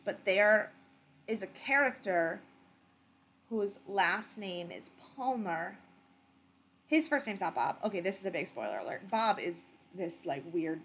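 A woman's voice: medium pitch, a bit bright. A woman with a Western New York accent co-hosting a podcast, rambling and self-deprecating in casual chat. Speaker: podcast co-host.

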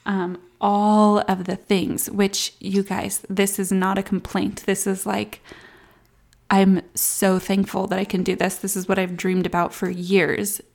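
A woman's voice: mid-range voice, level tone, measured pace, vocal fry. A woman in her thirties, a new mom, talking candidly and reflectively in a casual vlog, at times near tears. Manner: candid, reflective, soft baby talk asides.

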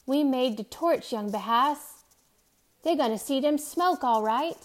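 A woman's voice: high voice, animated, a little slow, voice pushed up. Woman doing an old seaman. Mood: urgent. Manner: loud, urgent calls with a lilting dialect. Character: old weathered Caribbean seaman, steady and protective.

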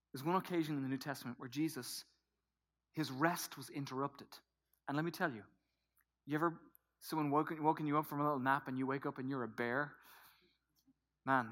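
A man preaching a sermon to a congregation, swinging from hushed whispers to loud emphatic bursts. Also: a little high. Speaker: pastor.

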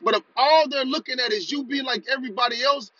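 A man's voice: extremely high pitch, quick pace, sharp tone, no room sound, highs cut off. A man hosting a podcast, giving an urgent motivational talk and leading the listener in repeat-after-me chants. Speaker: podcast host.

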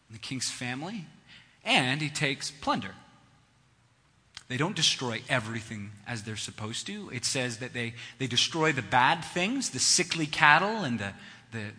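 A man's voice: mid-range voice, sharp tone, slightly rough. A man preaching a sermon in a conversational teaching manner, driving his points home with emphatic repetition. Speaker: pastor. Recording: long hall reverb.

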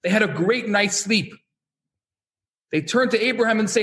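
A man's voice: high-pitched, moderate pace, long pauses. A man giving a talk, telling stories and acting out the voices of the people in them. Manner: animated, acts out quoted voices. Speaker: lecturer. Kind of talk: storytelling talk.

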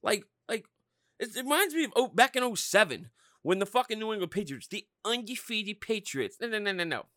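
High-pitched, wildly animated ranting man. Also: brisk, dry recording, studio quality. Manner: loud, swearing, rambling and fired-up. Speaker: podcast host. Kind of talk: profane sports rant.

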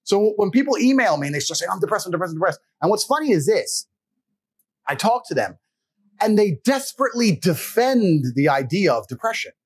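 Husky, lively-voiced man lecturing bluntly. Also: high voice, normal speed. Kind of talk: forceful monologue.

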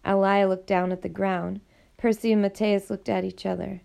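A woman narrating a novel in a steady, measured reading. Her voice is gravelly and sits at a middle pitch. The delivery stays even and clear throughout. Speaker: audiobook narrator. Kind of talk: scripted narration.

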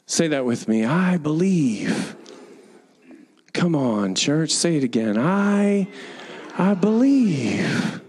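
A pastor preaching a sermon in a church and leading the congregation in call-and-response, building to fervent declarations. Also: male voice, mid-range voice, animated, a little slow, big-room sound, music in the background. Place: church hall with balconies.

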